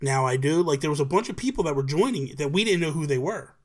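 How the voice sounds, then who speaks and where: A man's voice: fairly high pitch, quick pace. A man hosting a casual live talk show over a video call, telling stories animatedly and acting out what people said. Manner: animated storyteller who acts out quotes. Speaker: podcast host. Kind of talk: casual livestream chat.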